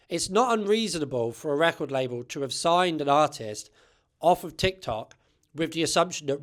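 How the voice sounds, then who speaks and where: A man with a somewhat high, slightly bright voice hosts a music channel. He gives casual, opinionated commentary to the camera and habitually tags his remarks with "right?"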